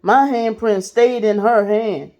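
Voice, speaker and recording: A woman's voice: a little high, fairly even intonation, slow, dark tone. A woman casually telling a personal story to her viewers, in a blunt, profane way. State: sick. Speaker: vlogger.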